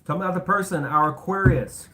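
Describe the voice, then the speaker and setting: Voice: medium pitch, fast, noisy background. A tarot reader doing a casual reading to camera, blunt and sarcastic, rambling and correcting themself, with casual swearing. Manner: rambling, self-correcting talk.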